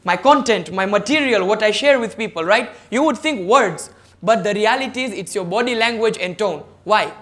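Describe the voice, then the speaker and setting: A man's voice: sits high, moderate pace, fairly bright tone. A man giving a motivational lecture on public speaking over a video call, stressing his points one by one and putting questions to his listeners. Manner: emphatic, enumerates points, questions the audience directly. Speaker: guest speaker at a service club forum. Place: online meeting.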